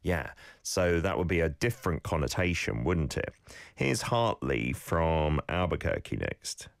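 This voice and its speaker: Deep-voiced man hosting a radio lesson. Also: measured pace, creaky, no echo. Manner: lively, encouraging, explains pronunciation. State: slight cold, sneezing. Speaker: radio host and Korean language teacher. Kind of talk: radio lesson with listener clips. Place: studio.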